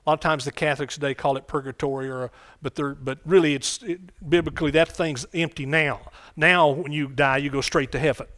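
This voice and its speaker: A man's voice: a little high, steady tone, fairly quick, hardly any pauses, a bit bright. A man preaching a sermon in a conversational way, often repeating phrases and asking the congregation questions.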